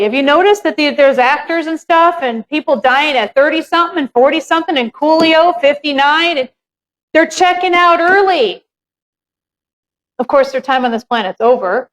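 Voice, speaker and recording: A woman's voice: sits high, animated, a little fast, rough recording. A woman presenting a live real estate seminar, chatty and candid, swearing casually as she talks.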